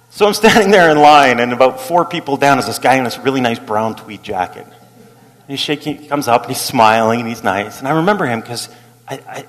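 A middle-aged male pastor preaching a sermon as an animated story, acting out the people he quotes and laughing as he goes. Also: mid-range voice. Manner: animated, acts out quotes, laughs while telling. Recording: long hall reverb.

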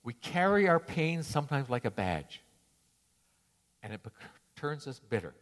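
A man's voice: mid-range voice, big pitch swings, moderate pace. A male preacher giving a sermon in a conversational, storytelling way, with frequent restarts. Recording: reverberant hall.

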